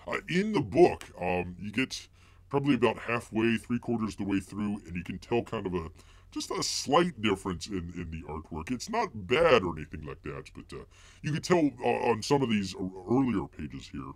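A man's voice: on the low side, big pitch swings, normal speed, no room sound. A man hosting a live stream and reviewing comics, rambling with many fillers and speaking of himself in the third person. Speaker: livestream host reviewing comics. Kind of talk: casual live-stream chat.

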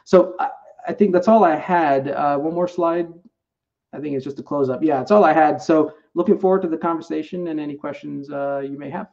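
A man presenting on a conference panel, talking in halting phrases with many restarts and fillers. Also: on the high side, vocal fry, a little mellow. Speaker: panelist presenting for a rail technology company. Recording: muffled, distant remote audio.

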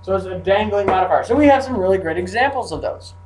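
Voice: mid-range voice, expressive, fast talker, darkish tone. Playful teacher, echoey classroom from afar. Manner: playful, jokey asides. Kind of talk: classroom grammar lesson. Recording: echoey classroom from far off, faint hum.

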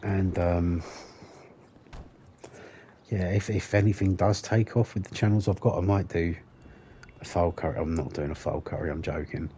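A man talks to his viewers during a game livestream. His voice sits a little low and sounds soft and warm. He rambles, swears freely and laughs at his own jokes. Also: steady tone, moderate pace, long pauses, a little hiss or hum. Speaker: gaming livestreamer. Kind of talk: casual livestream chat while playing.

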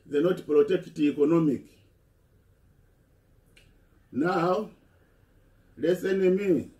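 Man, halting impassioned speech, mellow tone, distant echoey recording. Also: a little high. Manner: halting, repeats words and restarts.

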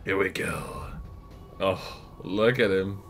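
A man, hosting a reaction video, excitable and laughing with lots of exclamations. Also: low voice, slow pace, loud music behind the voice. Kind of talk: live reaction commentary.

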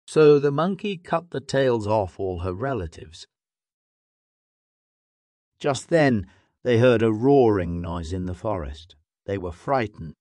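Slow, low-voiced male storyteller. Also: animated, a little mellow, no room sound, clean studio sound. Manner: slow, careful reading for learners. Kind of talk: scripted narration of a graded reader.

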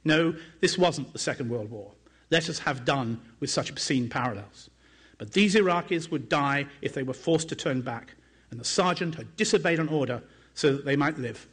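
A man, an author and journalist, reading excerpts from his own book aloud in a measured, dramatic way, raising his pitch for quoted speech. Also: a bit bright, slightly rough.

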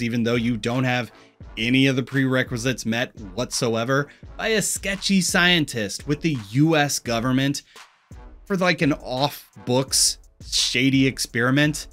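A man's voice: medium pitch, fairly bright tone. Wry Missouri man doing film commentary. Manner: wry, sarcastic asides. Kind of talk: scripted video-essay commentary.

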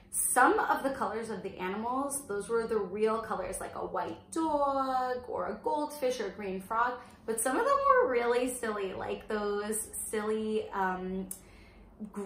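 A woman teacher reading a picture book aloud to young children in a slow, sing-song storytime voice, stopping to ask them questions. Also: on the high side, a bit bright, roomy sound. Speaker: preschool teacher.

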